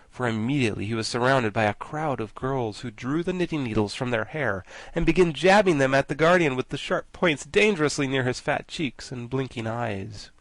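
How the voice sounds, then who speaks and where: A man narrating a children's classic for an audiobook in an expressive storytelling manner. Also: medium pitch, no echo. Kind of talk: scripted narration.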